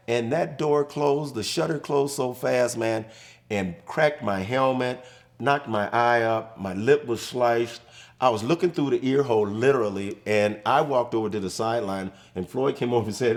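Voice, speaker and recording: A man in his sixties, a former football player, chatting as a studio guest and telling animated stories. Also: medium pitch, moderate pace. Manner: animated storyteller, acts out quotes. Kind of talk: casual studio chat, storytelling. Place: studio set.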